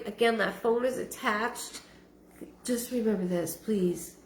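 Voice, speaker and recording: A woman giving a live-streamed psychic reading, halting and repeating her words with frequent ums. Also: on the high side. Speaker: psychic medium. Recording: roomy echo.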